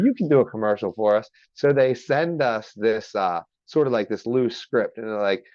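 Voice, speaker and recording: A man's voice: on the low side, moderate pace, a little mellow, no room sound, highs cut off. Profane storytelling man, dry sound. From Maryland, US. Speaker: podcast guest. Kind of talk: casual chat.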